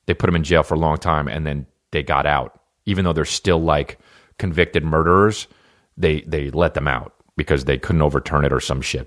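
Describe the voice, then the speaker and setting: A middle-aged man talks loosely into his podcast, swearing freely and doubling back on himself mid-sentence. His voice sits very low. The talk wanders from one tangent to the next in an offhand, casual way. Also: a bit bright. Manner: profane, loose, restarts and tangents. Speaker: podcast host. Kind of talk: casual rambling monologue.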